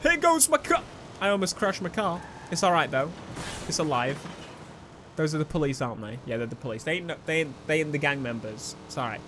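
A young man giving excitable, swearing let's play commentary over a video game. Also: fairly high pitch, fairly quick, a little hiss or hum. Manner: excitable, swearing, laughing at his own jokes. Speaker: gaming YouTuber. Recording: game gunfire and sounds behind.

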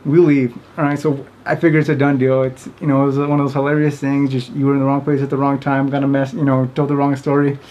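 A man's voice: mid-range voice, monotone, fast, few pauses, a little mellow, highs cut off. A man casually telling a funny story to camera, rambling with many fillers and often breaking into laughter. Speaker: vlogger.

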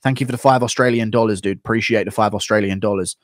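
A man's voice: on the low side, steady tone, fast, no room sound, studio quality. A young man on a live stream, casually reading out donations and giving blunt fight opinions. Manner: blunt, rambling, reads donations.

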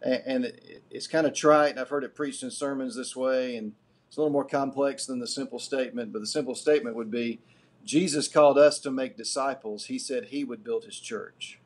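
Husky-voiced man lecturing a class. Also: medium pitch. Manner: earnest teaching, builds points deliberately. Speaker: guest lecturer.

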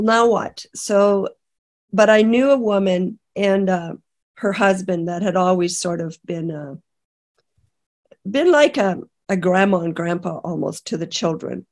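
A middle-aged woman from Canada, a podcast guest, telling an emotional personal testimony in a halting way with many restarts. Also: medium pitch. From British Columbia, Canada. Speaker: interview guest.

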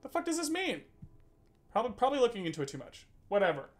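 A man's voice: very high voice, wildly swooping pitch, quick pace, slight background noise. A man streaming a video game, chatting casually, reading game text aloud, laughing and swearing now and then. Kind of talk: casual gameplay commentary.

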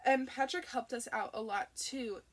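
A woman's voice: fairly high pitch, moderate pace, natural voice. A woman voicing an anxious, chatty grandmother who talks in a fluttery way.

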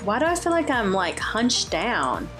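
A young woman giving excitable, jokey Let's Play commentary as a gaming YouTuber, often exclaiming and shrieking. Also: fairly high pitch, a little slow. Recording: faint game music behind.

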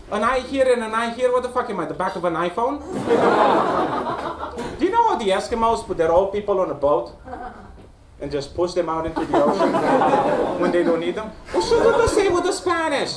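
A man from Romania works a small basement comedy room, teasing the audience and checking in with them often. His voice sits very high and swings around a lot. He is picked up from a distance in an echoey space, with a loud crowd and plenty of noise. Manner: playful, teasing, checks in with "right?". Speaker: stand-up comedian. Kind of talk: stand-up set with crowd work.

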